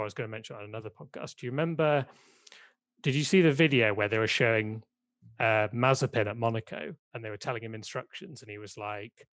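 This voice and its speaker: A man's voice: on the low side, a bit bright, dry recording. A British man co-hosting a casual podcast, talking in a chatty, rambling way. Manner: chatty, rambling, self-deprecating. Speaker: podcast co-host. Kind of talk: casual chat.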